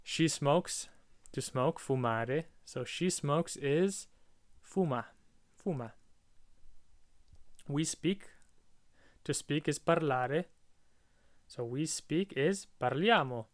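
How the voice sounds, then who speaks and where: A man talking through a recorded grammar lesson in a relaxed, chatty way, repeating each word form twice. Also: a little high, slow pace, long pauses, no echo. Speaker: language teacher.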